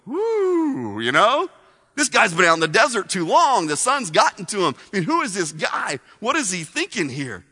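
Preacher voicing a hard-bitten smart-aleck woman, mocking and brash, bright lively voice, echoing hall. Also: sits high, normal speed, full character voice. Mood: scoffing. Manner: mocking, tough, sarcastic. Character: sarcastic hardened woman, smart-aleck villager. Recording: long hall reverb.

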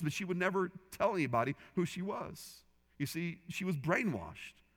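Pastor preaching in a reverberant hall. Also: male voice, on the high side, fairly bright tone. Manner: earnest storytelling with quoted voices, rising and falling in intensity. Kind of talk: sermon.

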